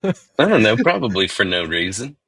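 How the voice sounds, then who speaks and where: A man's voice: lowish voice, sing-song, normal speed, fairly bright tone, breathy edge, no echo, rough recording. A man co-hosting a podcast, chatting casually in a playful, rambling way. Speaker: podcast co-host. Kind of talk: casual chat.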